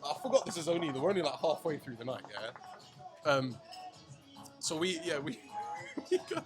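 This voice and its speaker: A young man, telling an animated story to his friends. His voice sits a little high for a man, and he swears freely and throws in slang. Music plays clearly in the background of the lounge. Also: moderate pace. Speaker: podcast co-host telling a story. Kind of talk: casual storytelling chat. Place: shisha lounge. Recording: music playing behind.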